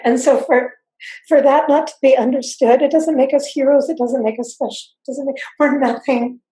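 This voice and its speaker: An older woman giving intense, earnest personal testimony as an interview guest, halting and repeating herself. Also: high voice, steady tone, dark tone. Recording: roomy echo.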